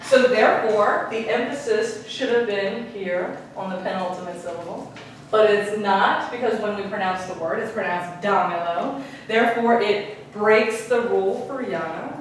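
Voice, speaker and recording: A woman's voice: medium pitch, normal speed. Woman teaching in an echoey classroom. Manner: asks the class questions, repeats key points. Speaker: Spanish teacher. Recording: roomy, distant classroom recording with noise.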